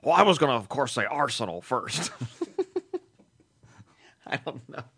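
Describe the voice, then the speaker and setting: A man's voice: mid-range voice, sing-song, unhurried, fairly bright tone, husky. A man co-hosting a casual comedy podcast, laughing often and making self-mocking asides. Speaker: podcast co-host.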